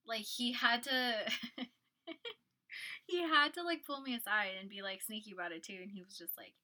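Young woman, casual storyteller, bright and slightly high voice, acts out the dialogue. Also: moderate pace. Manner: animated storytelling, acts out quotes, laughs often. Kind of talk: casual chat.

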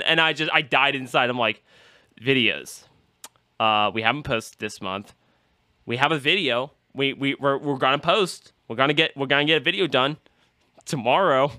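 Bright-voiced man telling rambling stories. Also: mid-range voice, lively intonation, a little fast, no echo, clean studio sound. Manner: rambling storytelling, acts out quotes. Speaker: podcast host. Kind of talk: casual podcast chat.

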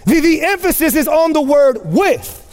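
A man preaching a sermon as pastor to his church, impassioned and rising to shouts, repeating phrases for emphasis. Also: very high voice, lively intonation, normal speed. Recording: long hall reverb.

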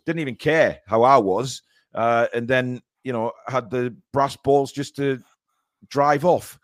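Hesitant man telling it slowly. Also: mid-range voice, no echo, clean studio sound. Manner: hesitant, many ums and repeated words. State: sore and shaken. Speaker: co-host of a football fan show. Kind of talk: casual live-stream chat.

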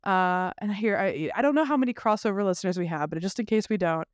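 A man co-hosts a casual film podcast, talking animatedly with frequent restarts and the occasional swear. His voice is smooth and resonant, recorded close and dry with no room sound. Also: high-pitched, quick pace, hardly any pauses, no echo. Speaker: podcast co-host.

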